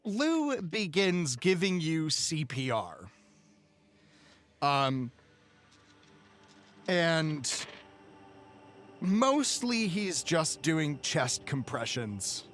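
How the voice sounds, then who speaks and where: Brief: man running a tabletop game, slightly high voice, loose and hesitant delivery. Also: very slow, pauses often, faint music behind. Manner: relaxed, hesitant with many fillers. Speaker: game master.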